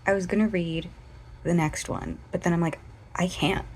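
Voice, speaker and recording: A woman's voice: fairly low pitch, steady tone, normal speed, darkish tone, a little hiss or hum. A woman in her twenties talking casually in a reading vlog, gushing and dramatic, sometimes dropping to a whisper. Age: 20s. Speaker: reading vlogger.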